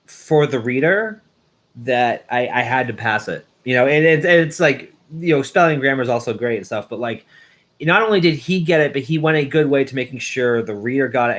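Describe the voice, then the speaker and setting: A young man, a schoolteacher, hosting a casual live stream and telling stories loosely with many fillers. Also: mid-range voice. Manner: rambling, warm-hearted storytelling with many fillers.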